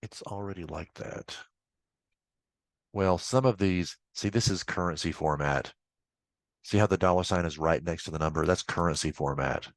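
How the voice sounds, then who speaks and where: A man instructor walking through a software tutorial in a casual, chatty way with offhand asides. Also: low-pitched, moderate pace, no echo. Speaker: accounting instructor. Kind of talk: screen-recorded software tutorial.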